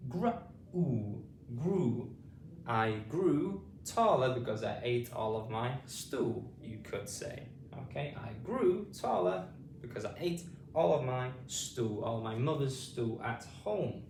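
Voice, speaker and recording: A British man teaching phonics to adult learners, sounding out letters slowly and repeating each word with care. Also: mid-range voice, expressive, vocal fry, a little mellow. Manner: slow, deliberate, sounding out letters and repeating words. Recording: roomy, slightly distant mic, faint noise.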